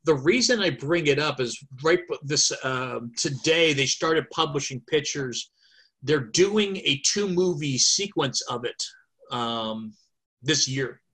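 A man's voice: fairly high pitch, expressive, slow pace, pushed and bright, husky. A man chatting on a podcast over a video call, talkative and thinking aloud with many fillers. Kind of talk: casual chat.

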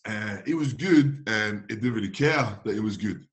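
Animated, laughing former footballer telling stories. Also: male voice, fairly low pitch, moderate pace. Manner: animated, laughing often, acting out others' voices. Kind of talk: casual storytelling in an interview.

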